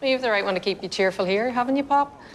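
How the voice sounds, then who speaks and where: An actress playing a mother who talks briskly and scolds her child. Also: on the high side, natural voice.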